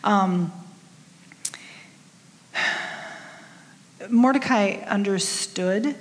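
A middle-aged woman delivers a casual, heartfelt sermon, full of asides and easy fillers. Her mid-pitched voice is unhurried and open. The sound carries a long reverb, as in a large church hall. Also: a little hiss or hum. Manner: candid, chatty, self-deprecating with frequent fillers. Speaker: church speaker. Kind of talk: conversational sermon.

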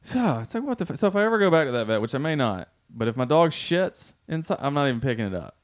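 A man's voice: medium pitch, fast talker. A man in casual chat as a podcast co-host, rambling and swearing as he tells a story. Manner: profane, rambling, animated storytelling.

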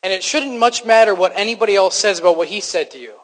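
A man with a high voice delivers a sermon in an easy, conversational way, often stumbling and restarting, and poking fun at himself. His words ring out with a long reverb, as in a large church hall. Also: fast talker, fairly bright tone. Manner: conversational, self-deprecating, frequent restarts. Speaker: preacher.

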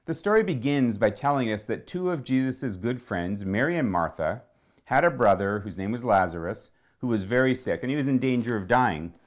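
A man's voice: medium pitch, expressive, moderate pace. A man preaching a sermon, retelling a story in a conversational way and acting out the quoted voices.

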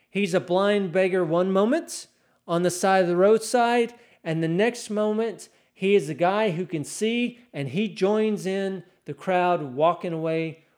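A man preaching a sermon, reading scripture aloud and acting out the quoted cries with a raised voice. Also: sits high. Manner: animated, acts out scripture quotes, raising voice for cries.

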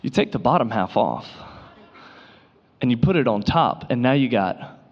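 A man preaching a sermon, telling playful everyday stories with mock surprise and animated delivery. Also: medium pitch, normal speed, slightly rough, big-room sound, lo-fi sound. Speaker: pastor.

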